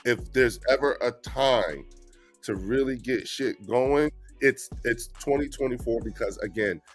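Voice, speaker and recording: Man, blunt and animated guest, faint music underneath. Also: medium pitch, a little slow, slightly rough. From New Jersey. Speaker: guest speaker. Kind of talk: casual activist talk.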